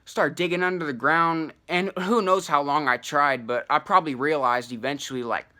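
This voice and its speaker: A young man recounts a personal misadventure in loose, slangy talk, swearing freely and tossing in asides. His voice sits a touch high and rings bright and punchy. The delivery is animated and peppered with fillers. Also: moderate pace. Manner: profane slang-heavy, animated, many fillers. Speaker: channel host telling a personal story. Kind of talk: casual storytelling to camera.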